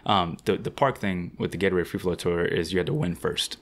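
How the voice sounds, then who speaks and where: Brief: deep-voiced guy, rapid casual storyteller, slangy and animated, podcast guest. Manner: animated, slangy anecdote-telling; fast-talking. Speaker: guest BMX rider.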